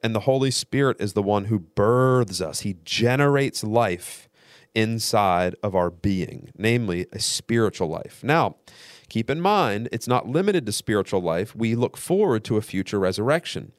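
Man, low voice, dry close sound, guest host teaching theology, earnest and measured. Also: expressive, no room sound. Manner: earnest, measured explaining with repetition.

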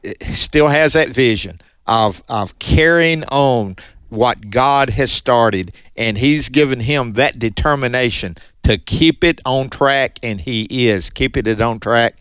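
A man's voice: medium pitch, takes it slowly, a bit bright, smooth, no room sound. Folksy Mississippi-accented radio man. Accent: Southern US, Mississippi. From Northeast Mississippi, USA. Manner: folksy, chatty and upbeat. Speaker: radio co-host. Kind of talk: Christian radio fundraiser chat. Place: radio studio. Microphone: studio microphone.

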